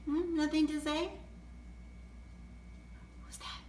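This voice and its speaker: A woman's voice: high voice, little pitch movement, takes it slowly, darkish tone. A woman filming her parrot at home, talking to him in sing-song baby talk, cooing, gasping and laughing often. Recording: echoey room with faint noise.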